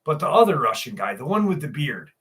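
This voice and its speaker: A confused, delirious old father, put on by a man tells his story in earnest. The voice sits noticeably higher than the speaker's own and drifts along in a rambling way. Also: big pitch swings, a little fast, fairly bright tone.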